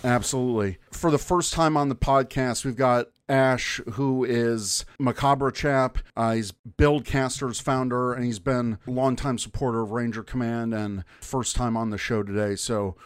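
A man's voice: medium pitch, fairly even intonation, moderate pace, hardly any pauses, clean tone, no room sound, clean studio sound. Upbeat man hosting a podcast. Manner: upbeat, enthusiastic, laughs easily. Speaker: podcast host. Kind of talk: casual podcast chat and show intro.

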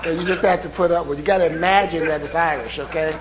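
A man preaching a sermon, telling a story in an unhurried way with lots of ums and uhs. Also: on the high side, steady tone, background noise. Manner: unhurried storytelling with many fillers. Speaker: guest preacher. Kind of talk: sermon with a humorous opening.

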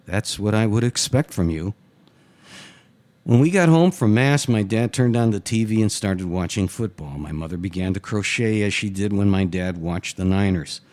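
A man, a writer, reading his own first-person short story aloud in a steady, matter-of-fact way. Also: lowish voice, moderate pace, hardly any pauses.

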